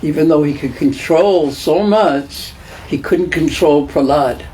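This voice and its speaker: A man's voice: a little high, measured pace, mellow, slight background noise, low-quality recording. A man giving a devotional class lecture in a conversational way, repeating phrases and putting questions to the listeners. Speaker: lecturer on scripture.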